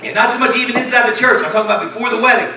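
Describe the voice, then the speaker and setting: A middle-aged man doing a stand-up comedy set with loud, punchy crowd work on a club stage. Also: extremely high pitch, very fast. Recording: echoey club recording from far off, crowd noise. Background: audience laughter and club chatter.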